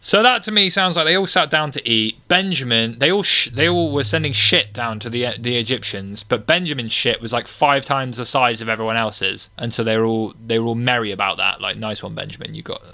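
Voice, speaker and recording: A man's voice: mid-range voice, brisk, few pauses, pushed and bright, no echo. A young man co-hosting a podcast, reading Bible verses aloud and riffing on them with crude jokes. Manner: crude, joking, reads verses aloud then riffs. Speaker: podcast co-host. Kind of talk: irreverent casual chat and Bible reading.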